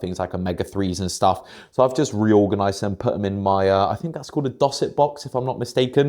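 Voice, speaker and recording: A man's voice: deep voice, a little mellow. A young man, chatting casually and rambling a little as he vlogs his day of fitness and food. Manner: rambling, chatty, self-correcting. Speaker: fitness vlogger. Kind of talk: casual vlog chat.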